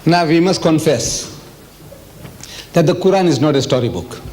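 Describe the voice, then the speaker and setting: An older man from South Africa giving an animated public religious lecture, asking the audience questions and reading passages aloud. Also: on the high side, moderate pace, slight background noise.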